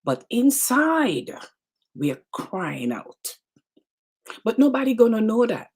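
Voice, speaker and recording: A woman's voice: fairly high pitch, sing-song, slow, a little mellow, husky. A woman with a Caribbean English accent, hosting a live motivational talk and speaking straight to her viewers, emphatic and repeating phrases. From Caribbean islands. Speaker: show host.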